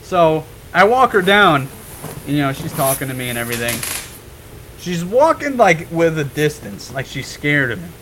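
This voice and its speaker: A young man on a podcast telling a story in a casual, animated way, swearing freely and laughing as he goes. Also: on the high side, normal speed, background noise. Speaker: podcast guest.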